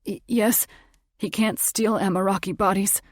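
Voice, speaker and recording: A woman's voice: medium pitch, steady tone, measured pace, no room sound, studio quality, close to an everyday voice. A woman voicing a badly injured man who wheezes and gasps out his words. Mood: gasping. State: wheezing, out of breath.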